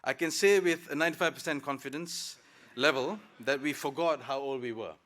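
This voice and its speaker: A man's voice: medium pitch, brisk, a bit bright. A man from Malaysia giving a reflective, lightly humorous graduation speech to his classmates at a ceremony. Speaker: graduating student speaker. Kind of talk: convocation speech. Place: ceremony hall.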